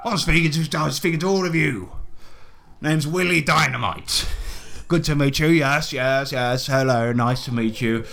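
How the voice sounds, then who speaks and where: A man's voice: fairly high pitch, moderate pace, vocal fry, a bit bright. A man voicing a blustering, foul-mouthed male explorer and zoo owner who stammers and swears constantly, in a tabletop game. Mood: jovial.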